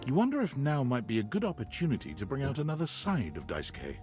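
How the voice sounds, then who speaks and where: A man narrating a dating game in calm second person, reading scripted narration. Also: medium pitch, fast, over music.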